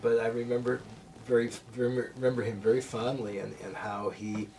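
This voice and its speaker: A man's voice: medium pitch, level tone, brisk. An older man telling a fond childhood memory in a group discussion, hesitant with many fillers and restarts. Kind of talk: casual personal storytelling. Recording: distant mic, faint room noise.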